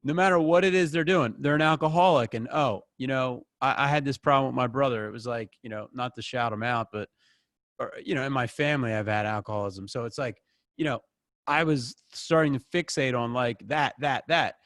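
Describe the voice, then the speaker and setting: A man's voice: mid-range voice, a little fast, a bit bright, no echo, studio quality. A man leading a group session over a video call, talking in a casual, rambling, encouraging way.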